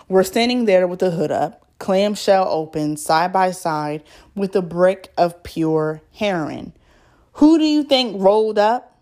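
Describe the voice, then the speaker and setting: Woman podcaster, lower voice, casual storytelling with asides. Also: darkish tone. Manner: chatty, stumbles over words and adds asides.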